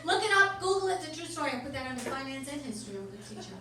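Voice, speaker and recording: Brash deadpan woman comic, echoey club. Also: high-pitched, very fast. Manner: deadpan, brash, profane delivery. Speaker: stand-up comedian. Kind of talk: stand-up comedy set. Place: comedy club stage. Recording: echoey club from far off with loud noise.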